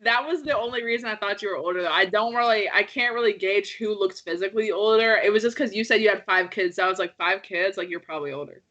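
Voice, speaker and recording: A young woman speaks as an interview guest, frank but hedging, with plenty of "like". Her voice is bright and sharp. It comes through a dull, lo-fi remote call. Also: medium pitch, fast talker, few pauses. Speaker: guest commentator. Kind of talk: casual interview.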